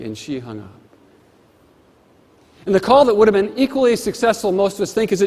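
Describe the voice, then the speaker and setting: A man's voice: high voice, expressive, normal speed, long pauses. A man giving a motivational keynote speech with emphatic, rhythmic repetition, on a stage microphone in a large conference hall. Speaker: motivational speaker. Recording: long hall reverb.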